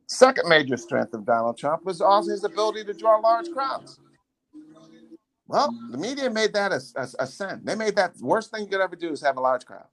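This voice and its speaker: Emphatic man in his sixties telling stories. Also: mid-range voice. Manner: emphatic, repeats phrases, animated retelling. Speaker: former congressman hosting a podcast. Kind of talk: casual storytelling to his son.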